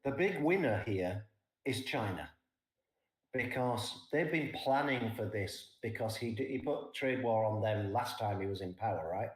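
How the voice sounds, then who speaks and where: A man's voice: lowish voice, lively intonation, measured pace. Older man explaining, echoey room. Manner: explains points plainly, often tags "right?". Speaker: trading guest. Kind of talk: casual market talk.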